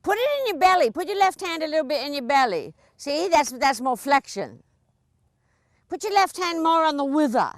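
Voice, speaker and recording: A woman's voice: sits high, animated, moderate pace, no room sound, studio quality. Upbeat woman coaching a riding lesson. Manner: chatty, encouraging, laughs often. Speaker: riding biomechanics instructor.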